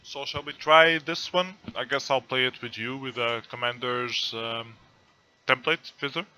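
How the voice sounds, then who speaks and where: A man's voice: mid-range voice, measured pace, pushed and bright, clear, resonant tone. A man speaking English as a non-native speaker, hosting a casual gaming chat over an online call, hesitant and thinking aloud as he reads rules. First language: not English. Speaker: host.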